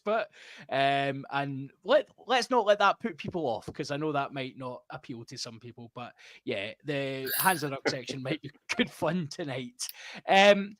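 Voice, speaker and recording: A man's voice: on the high side, expressive, normal speed, a bit bright, dry recording. A middle-aged Scottish man hosting a rugby podcast over a video call, chatty and joking with frequent laughs and fillers. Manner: jokey, laughs often, many fillers. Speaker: podcast host. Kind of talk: casual chat.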